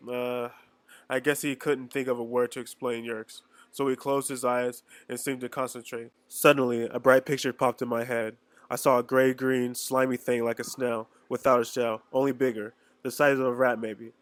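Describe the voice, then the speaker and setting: Flat-voiced man reading a story aloud. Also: medium pitch, normal speed, no echo. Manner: reads plainly with small stumbles and restarts. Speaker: reader. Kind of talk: amateur read-along narration.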